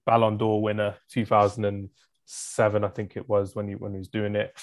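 A man's voice: on the low side, level tone, a little fast, no echo. A man co-hosting a casual football podcast, talking enthusiastically and rambling through lists of players. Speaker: podcast co-host.

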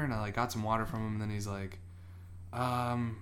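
A podcast co-host rambles through a long, casual story, often acting out what people said. His voice is fairly low and a bit bright, with little pitch movement, and he talks a little fast.

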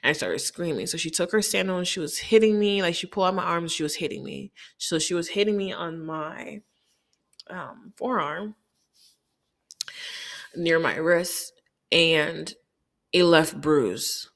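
A woman's voice: on the low side, unhurried. Frank woman recounting her childhood. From Haiti. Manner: frank, reflective, quotes people in dialogue. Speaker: personal storyteller. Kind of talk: candid personal recollection.

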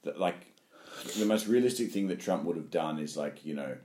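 A man's voice: rumbling low, expressive, fairly quick, warm tone. A man chatting casually, hesitant and rambling with many fillers. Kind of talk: casual conversation. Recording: echoey room.

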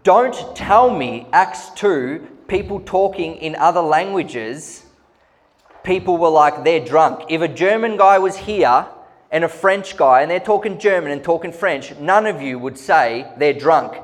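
A man's voice: a little high, expressive, unhurried. A man preaching a sermon, telling stories earnestly with humorous asides. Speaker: pastor. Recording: long hall reverb.

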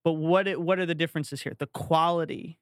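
A man co-hosting a podcast, chatting casually and telling an animated story with playful asides. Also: fairly high pitch, a little fast, clear, resonant tone, dry recording, clean studio sound. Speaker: podcast co-host. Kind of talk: casual chat.

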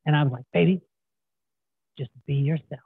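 A middle-aged man guest, telling stories in an animated way and acting out quotes. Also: on the high side, normal speed, creaky, breathy edge, no echo. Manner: animated storyteller, acts out quotes. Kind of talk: casual storytelling interview. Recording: tinny phone-like line, dry.

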